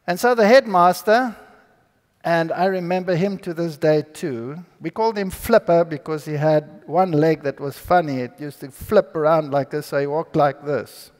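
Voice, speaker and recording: A man with a high voice tells a personal testimony before an audience and acts out the people in it. His voice rings through a large hall with a long reverb tail. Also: moderate pace. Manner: animated storyteller who acts out the people in his story. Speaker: speaker giving a personal testimony. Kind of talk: storytelling sermon to an audience.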